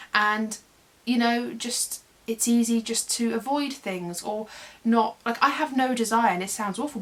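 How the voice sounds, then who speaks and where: A young woman, chatting in a rambling, self-deprecating way as she does her makeup for a get-ready-with-me video at home. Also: fairly high pitch. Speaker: beauty vlogger. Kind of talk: casual get-ready-with-me chat.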